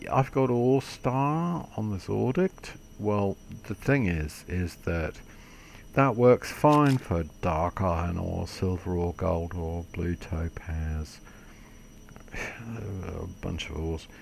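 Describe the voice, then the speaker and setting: Deep gravelly guy rambling slowly thru a game tutorial, swears a bit, laughs at his own mistakes. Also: lively intonation, a little hiss or hum. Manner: rambling, self-deprecating, mild swearing. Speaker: gaming video creator. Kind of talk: casual game tutorial commentary.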